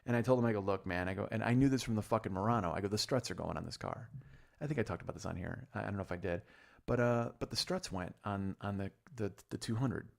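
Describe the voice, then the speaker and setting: Gravelly, rambling comedy podcaster. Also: male voice, fairly low pitch, very fast. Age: 40s. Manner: rambling, profane, self-deprecating, lots of restarts. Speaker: podcast host.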